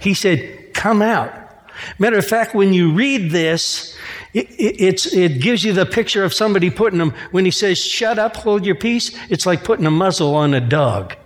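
A man with a high voice preaches in a church, moving between quoted scripture and relaxed, joking asides. His words ring out with a long echo from the hall around him. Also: moderate pace. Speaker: pastor. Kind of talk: sermon.

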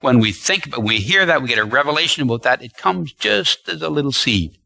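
Emphatic preacher with a lively, bright voice. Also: male voice, mid-range voice, a little fast, creaky, low-quality recording. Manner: emphatic and repetitive, stretching key words. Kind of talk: sermon.

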